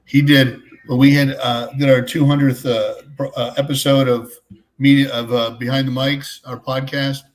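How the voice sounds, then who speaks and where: A man's voice: medium pitch, level tone, moderate pace. A man chatting casually as a guest on a live fan show, tossing out jokey picks with offhand reasons. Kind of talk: casual chat.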